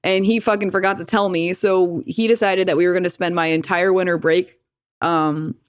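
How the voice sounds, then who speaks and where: A woman's voice: fairly low pitch, steady tone, moderate pace, smooth, dry recording, studio quality. A young woman, a podcast guest, telling a personal story in casual talk, swearing freely and laughing often.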